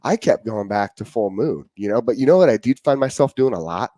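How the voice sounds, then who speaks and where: Laid-back man with a low voice. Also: lively intonation, fairly quick, mellow, no room sound. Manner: laid-back, storytelling, upbeat. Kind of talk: casual chat.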